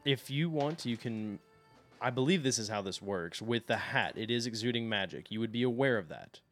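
Casting: a male game master, mid-pitched, steady and descriptive, with music underneath. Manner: measured, describing finds and calling for rolls. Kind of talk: narrating a tabletop game.

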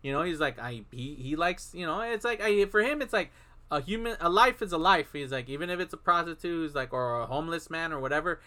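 A man with a bright, slightly high voice co-hosts a casual film podcast. He retells the plot in a loose, chatty way and briefly acts out each character's lines as he narrates. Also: lively intonation, quick pace. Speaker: podcast co-host. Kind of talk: casual film recap chat.

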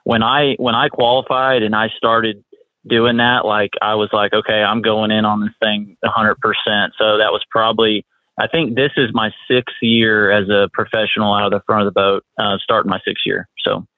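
A man's voice: fairly low pitch, normal speed, dry recording. Man on a tinny phone line. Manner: relaxed, rambling with many restarts. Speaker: guest angler. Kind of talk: casual interview.

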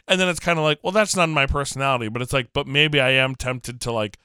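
A man co-hosting a podcast in casual chat, animated and laughing often as he acts out quotes. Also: mid-range voice, quick pace, clean tone, dry recording, clean studio sound. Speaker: podcast co-host.

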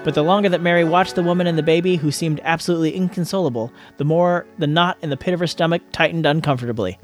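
A man narrates a chapter of a novel aloud in a steady, storytelling delivery. His voice sits somewhat high for a man. Faint music plays behind the reading. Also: quick pace. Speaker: guest reader.

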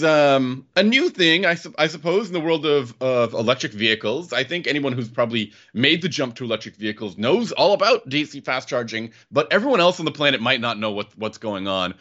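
Animated man, lo-fi sound. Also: mid-range voice. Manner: animated, hesitant with many fillers and restarts. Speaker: podcast co-host. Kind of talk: casual car podcast chat. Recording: dull lo-fi sound.

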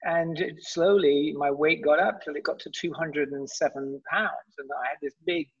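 A man with a somewhat high, gravelly and husky voice talks haltingly, often restarting his words. He tells his story in a relaxed interview. The audio is dull and muffled. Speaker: guest. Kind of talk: casual interview talk.

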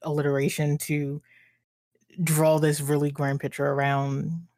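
A woman co-hosting a podcast, giving relaxed, thoughtful commentary. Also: low voice, unhurried, dry recording, studio quality. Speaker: podcast co-host. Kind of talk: casual book-discussion chat.

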